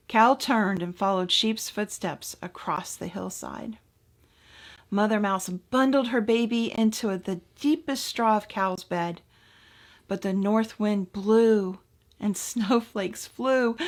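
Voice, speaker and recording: A woman minister reading a children's story aloud to her congregation with expressive, gentle delivery. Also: a little high, takes it slowly.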